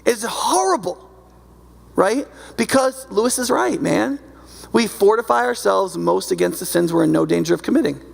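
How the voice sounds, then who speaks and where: His voice high and gravelly, this male pastor speaks at a moderate pace, preaching loosely and conversationally while regularly checking in with listeners. He's recorded in a church sanctuary with long reverb.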